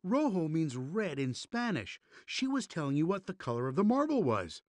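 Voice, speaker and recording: A kind, patient father in a children's cartoon, explaining gently and reassuringly. His voice sits fairly high and moves in lively swings. The sound is dry and close. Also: normal speed, dry recording.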